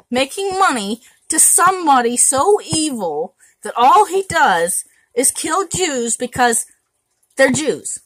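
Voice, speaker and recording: A woman's voice: high-pitched, sing-song, unhurried, fairly bright tone, no echo. A woman vlogger delivering an indignant, emphatic rant straight to camera, repeating words for stress.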